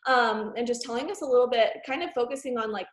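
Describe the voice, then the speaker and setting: A woman hosts a team video call with a bubbly, excitable delivery and gushes as she introduces her guest. Her voice sits fairly high. The sound comes through with a noticeable echo from the room. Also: quick pace. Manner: bubbly and excitable, gushing praise.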